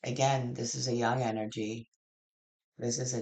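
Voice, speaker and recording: A tarot reader delivers a general reading in a loose, conversational way. The talk is plain-spoken and blunt, with casual cursing and sentences that restart and wander. The voice sits at an ordinary middle pitch. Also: little pitch movement, normal speed, gravelly, darkish tone. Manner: blunt, frank, swears casually; rambling with frequent restarts.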